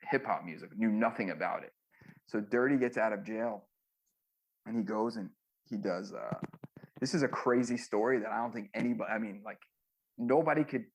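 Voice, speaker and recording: Gravelly-voiced man telling a story. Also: lowish voice. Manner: ends many sentences with a tag question, "right?"; loose and rambling, with restarts and fillers. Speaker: former music manager, interview guest. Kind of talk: casual storytelling in an interview.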